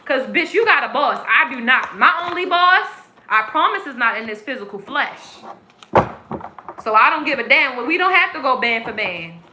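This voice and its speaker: A woman's voice: sits high, big pitch swings, normal speed, background noise. A woman tarot reader on a live stream, ranting in an aggressive, profane, preachy way. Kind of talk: live-stream spiritual rant. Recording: echoey room.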